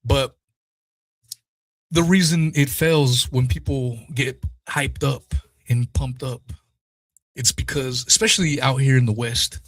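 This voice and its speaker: A young man talks alone into his podcast mic, open and emotional, dropping curse words as he goes. His voice sits at an ordinary middle pitch. The sound is dry and close, with little room around it. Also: fairly even intonation, slow, no room sound. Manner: raw, emotional, swears freely. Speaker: podcast host. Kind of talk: solo podcast talk, live stream.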